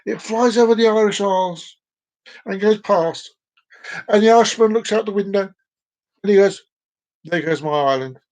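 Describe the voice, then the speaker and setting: A man with a notably high speaking voice hosts his own live stream. He rambles along, circling back to repeat phrases and often tripping over his words in a loose, casual delivery. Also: level tone, normal speed, long pauses, a little mellow, rough recording.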